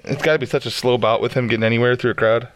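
A man's voice: medium pitch, fairly even intonation, rapid-fire. A man co-hosting a podcast, trading crude jokes in casual banter and laughing often. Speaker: podcast co-host.

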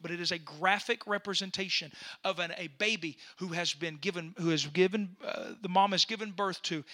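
A male preacher with a very high, strikingly bright voice, delivering a sermon that rises from quiet asides into fervent shouting. He repeats phrases and stumbles over words as his passion builds. His tone is sharp and intense. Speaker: pastor. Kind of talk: impassioned preaching.

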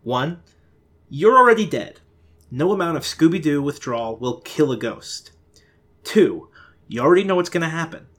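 A man's voice: fairly high pitch, expressive, normal speed, pauses often, fairly bright tone, voice pushed up. A man voicing a dry, sarcastic teenage girl who can see ghosts. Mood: teasing.

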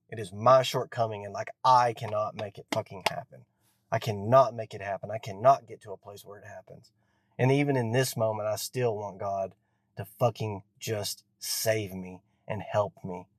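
A man's voice: fairly low pitch, dry recording. Profane ranting man, dry close mic. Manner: profane, bitter and self-lacerating, rambling with many restarts. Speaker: podcast host. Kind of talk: solo rant.

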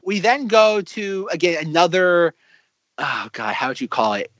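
Animated man chatting on a podcast. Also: high-pitched, unhurried, highs cut off, heavy background noise. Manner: animated, acts out quotes, many fillers. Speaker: podcast co-host. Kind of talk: casual chat reviewing a sketch comedy show.

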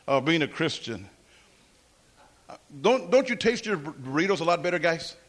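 A man preaching a sermon as pastor, emphatic and animated, mixing in humor and asides. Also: fairly high pitch, moderate pace.

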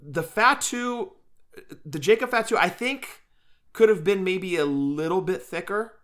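A man's voice: high-pitched, animated, measured pace, fairly bright tone. A man co-hosting a podcast, chatting enthusiastically and casually, often calling his friend "dude". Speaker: podcast co-host. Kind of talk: casual chat.

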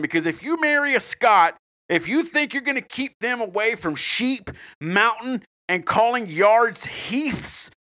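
A man's voice: high-pitched, a bit bright. A man, co-hosting a casual podcast chat, joking and swearing as he rambles. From US South. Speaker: podcast co-host.

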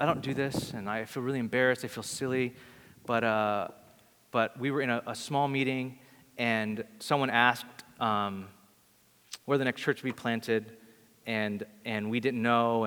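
In a church hall full of long reverb, a pastor with a mid-range, fairly bright voice delivers a sermon built around stories. He keeps it casual and imitates the voices of those he quotes.

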